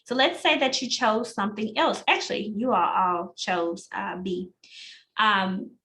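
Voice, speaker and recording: A woman's voice: mid-range voice, unhurried, a bit bright, rough recording. A woman leading an online test-prep class over a video call, calling on students by name and walking through answers. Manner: encouraging, calls on students by name. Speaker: instructor.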